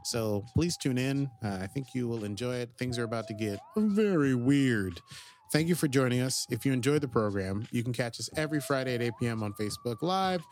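A man's voice: mid-range voice, animated, darkish tone, a little hiss or hum. Playful male podcast co-host. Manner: playful, quick asides, reads quotes aloud. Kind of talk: casual podcast chat.

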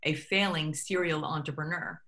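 A middle-aged woman talks as a guest in a relaxed interview, her tone bright and forward though her pitch sits on the low side. She tells stories easily and slips into the voices of people she quotes. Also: moderate pace. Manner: animated storyteller acting out quoted dialogue. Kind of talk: conversational interview.

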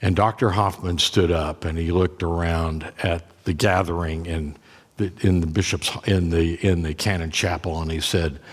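A man's voice: sits low, fairly even intonation, moderate pace, husky. A man preaching as pastor, telling a personal story in a conversational way, often repeating and restarting words. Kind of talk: sermon storytelling. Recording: long reverb of a church.

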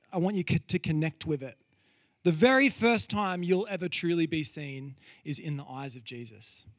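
Male preacher, high voice, lively storytelling, dry close sound. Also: dry recording. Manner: animated storytelling, acts out quotes with laughs; drops low and quiet for solemn points. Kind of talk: sermon.

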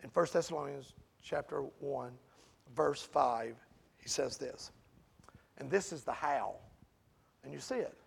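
A man preaching a sermon in a conversational way, asking the congregation questions and building to loud, emphatic peaks. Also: mid-range voice, unhurried, creaky, long pauses, breathy edge.

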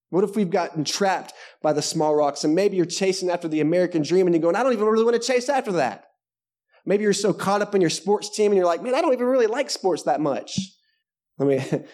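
At a church service, a male pastor with a medium-pitched, dark-toned voice preaches to a live congregation. His sermon is conversational and full of jokes, including self-deprecating asides.

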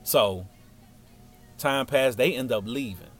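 A man telling a story from his childhood in a casual, slangy, animated way. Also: mid-range voice, slow, faint music behind.

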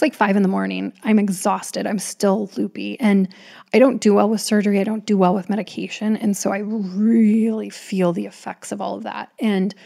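A woman in her thirties tells a personal story in a loose, chatty way, doubling back and adding asides as she goes. Her voice has a gravelly, fry-laden texture at a middling pitch. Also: darkish tone. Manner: chatty, frequent restarts and asides.

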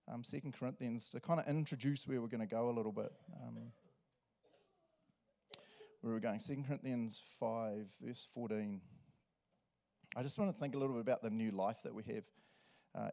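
At a church service, a New Zealand-accented pastor gives a casual, jokey sermon, energetic and chatty with frequent asides to the congregation. His mid-range voice carries vocal fry.

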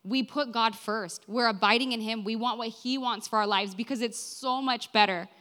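A young woman in her twenties gives a sermon in a church, her tone bright and forward. She talks earnestly and conversationally, often tossing in "right?" and "like" as she speaks to the congregation. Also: a little high, moderate pace. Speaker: preacher.

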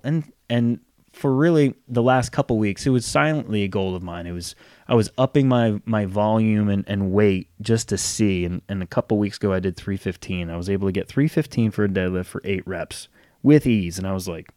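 Low-voiced man giving casual fitness advice. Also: normal speed, darkish tone, dry recording, clean studio sound. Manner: conversational, acts out quoted friends. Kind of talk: casual motivational talk.

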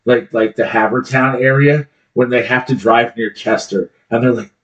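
Blunt, dry Philly-podcast co-host, mid-pitched, muffled lo-fi sound. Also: male voice, steady tone, moderate pace, fairly bright tone. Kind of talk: casual crude podcast banter.

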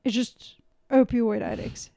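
A woman's voice: fairly high pitch, steady tone, slow, vocal fry, warm tone, no echo, studio quality. A young woman co-hosting a podcast, reacting and explaining things loosely in casual chat. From South Africa. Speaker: podcast co-host.

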